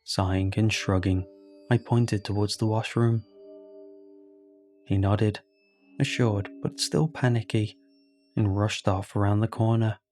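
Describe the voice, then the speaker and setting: Man, deep mellow voice, calm horror story narration, faint music underneath. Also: a little slow, long pauses.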